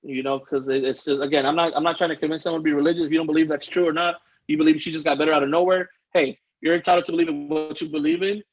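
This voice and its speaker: A man's voice: on the high side, flat delivery, racing, muffled recording. A man telling a personal story as a podcast guest, earnest and rambling, often restarting his sentences. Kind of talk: casual interview storytelling.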